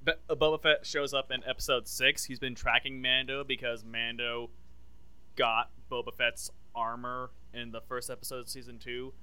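A man in casual podcast chat, rambling enthusiastically as he pitches his own fixes for stories. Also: little pitch movement, moderate pace, pushed and bright, clear, resonant tone, dry recording. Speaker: podcast co-host.

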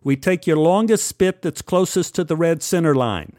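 A man's voice: on the high side, animated, moderate pace, darkish tone, dry recording, studio quality, voice pushed up, natural voice. A man voicing a bored male contest registration worker who explains rules in a matter-of-fact way.

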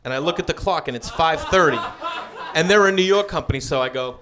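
A man's voice: sits high, expressive, fast talker, a bit bright. A man doing stand-up storytelling on a comedy club stage, acting out the voices in his story.

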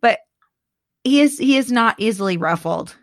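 A middle-aged woman talking in a casual chat as co-host, animated and chatty, laughing often and restarting her sentences. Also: fairly high pitch, normal speed, no echo, clean studio sound. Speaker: podcast co-host.

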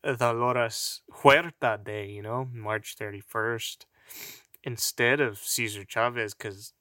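A man's voice: mid-range voice, fairly even intonation, takes it slowly, pushed and bright, dry recording, studio quality. A man of Mexican heritage rambling through a casual, profane monologue, often laughing at his own jokes.

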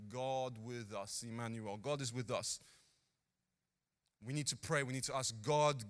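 A man preaching a sermon with earnest, animated delivery, acting out the people in his stories. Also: a little high.

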